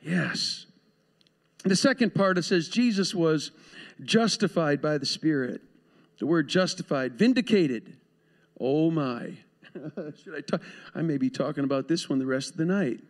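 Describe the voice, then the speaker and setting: Pastor, male, higher voice, chatty preaching with asides, church sanctuary. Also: expressive, a little slow. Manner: conversational preaching with asides and laughs. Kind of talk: sermon.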